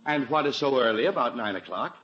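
A man's voice: mid-range voice, animated, fast, fairly bright tone, a little hiss or hum, natural voice. An actor playing a flustered, easily exasperated middle-aged father in a 1940s radio comedy, stammering and blustering, on a dull old radio recording.

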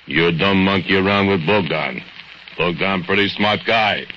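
A drunk, menacing foundry laborer. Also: male voice, unhurried, sharp tone, slight background noise. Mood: brooding. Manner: broken English, low muttering, chuckling to himself. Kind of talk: 1940s radio acting. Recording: dull lo-fi old radio recording with music.

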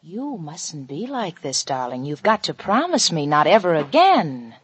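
A woman's voice: deep voice, sing-song, unhurried, breathy edge, exaggerated voice. An actress playing an evasive young newlywed wife who brushes off her husband breezily, in 1940s radio acting. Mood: coaxing. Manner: breezy, dismissive, coaxing.

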